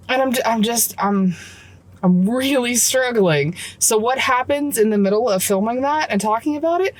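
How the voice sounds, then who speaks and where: A woman's voice: fairly high pitch, expressive, moderate pace, no room sound. A woman and mom venting her frustrations in a casual vlog from her car, swearing often, recorded on her phone. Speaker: vlogger and mom. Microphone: phone camera.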